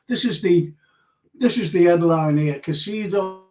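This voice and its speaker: Older male host, slow and high-voiced, chatty and emotional reading viewer comments; slightly muffled stream audio. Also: darkish tone. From England. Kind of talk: live fan-show chat reading comments.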